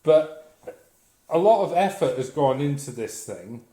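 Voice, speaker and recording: A man with a slightly high voice rants bluntly, full of swearing and sardonic asides. He sounds like he is talking in a bare, echoey room. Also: sing-song, unhurried, mellow. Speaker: vlogger. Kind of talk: profane comic rant.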